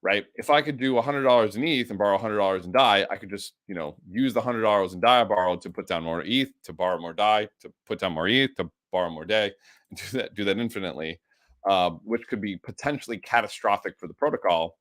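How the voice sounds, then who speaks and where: A man with the hiccups, teaching a live coding lesson with an enthusiastic, energetic way of explaining. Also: on the low side, quick pace. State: has the hiccups. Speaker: instructor.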